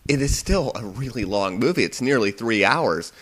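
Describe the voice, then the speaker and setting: A man's voice: mid-range voice, lively intonation, moderate pace, a bit bright, slightly rough. A young man giving a casual, rambling movie review on his video blog. He talks from a home computer and keeps getting sidetracked. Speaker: video blogger. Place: home room at parents' computer.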